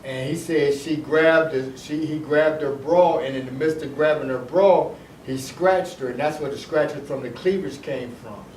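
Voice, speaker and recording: A man's voice: on the high side, moderate pace, a little mellow, far from the mic. A middle-aged man from Detroit telling a personal story in a casual, rambling way, often repeating himself and restarting his sentences. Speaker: storyteller recounting his past. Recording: echoey room, voice heard from off the mic, faint noise.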